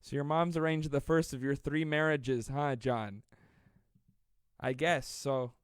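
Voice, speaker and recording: A man in his twenties hosting a live stream, reading viewer comments aloud and joking with a fast, self-deprecating manner. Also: medium pitch, fairly even intonation, clear, resonant tone, no echo, studio quality. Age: 20s. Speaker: livestream host.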